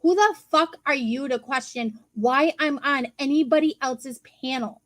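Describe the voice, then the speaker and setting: A woman's voice: sits high, a little slow, few pauses, a bit bright, no echo. A woman venting on a livestream about being attacked, hesitant and hurt. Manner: hurt, rambling, hesitant with fillers. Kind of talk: upset livestream monologue.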